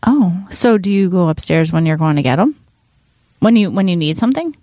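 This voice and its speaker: A woman's voice: on the low side, animated, brisk, dark tone, dry recording, clean studio sound. A woman cohosting a parenting podcast in casual chat, candid and chatty, laughing often.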